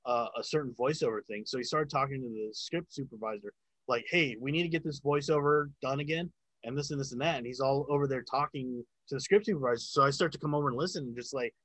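A man's voice: mid-range voice, quick pace, fairly bright tone, dry recording, low-quality recording. A man in casual chat, telling a long story about working sound on a film set, with lots of filler words and swearing.

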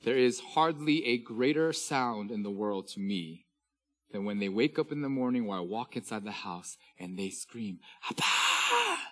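A man in his thirties, a pastor preaching a sermon, reading scripture slowly and with emphasis. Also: fairly low pitch, lively intonation.

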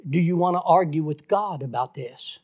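A solemn male angel keeping the book of life, as a preacher puts him on in a sermon story, speaks in a hushed, regretful tone. The voice is a little husky, and it sits slightly higher than most men's voices. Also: normal speed.

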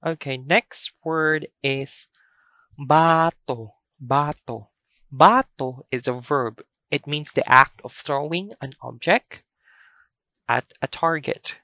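A woman teaching a language lesson, speaking slowly and carefully and repeating each word for practice. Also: low-pitched, bright, forceful tone, dry recording, clean studio sound.

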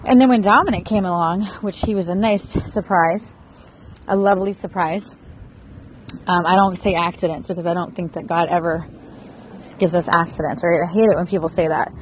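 A woman in her thirties from Florida, chatting casually to her viewers in an expressive vlog, recorded outdoors. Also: fairly low pitch, moderate pace, a little hiss or hum, low-quality recording. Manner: chatty and expressive, rising into excited bursts. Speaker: vlogger.

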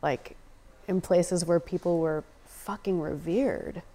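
A woman's voice: lowish voice, slow, dark tone. An American woman talking passionately as a podcast guest, swearing freely and saying "like" often. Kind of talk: casual conversation.

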